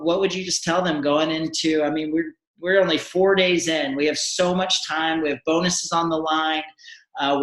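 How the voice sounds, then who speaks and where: Woman host, encouraging, lots of ums, roomy echo. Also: low-pitched. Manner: warm, encouraging, filler-heavy. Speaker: call host. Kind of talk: hosting a team call.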